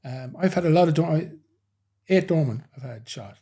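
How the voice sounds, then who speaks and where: Brief: middle-aged man, ex-doorman guest, dark husky voice, loose rambling storyteller. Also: a little high, animated, moderate pace. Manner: rambling anecdotal telling, frequent "you know". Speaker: former nightclub head doorman, guest. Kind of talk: casual interview storytelling.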